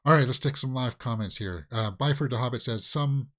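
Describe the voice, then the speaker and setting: Guy hosting movie news from home, chatty and opinionated, lots of uhs, mid pitch voice. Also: fairly quick, a bit bright. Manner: chatty, opinionated, many fillers and restarts. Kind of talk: casual commentary.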